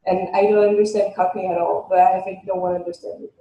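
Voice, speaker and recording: Hesitant French-accented woman, mellow and roomy. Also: mid-range voice, flat delivery, lo-fi sound. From France. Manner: hesitant, lots of filler pauses. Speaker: guest author. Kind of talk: casual interview chat.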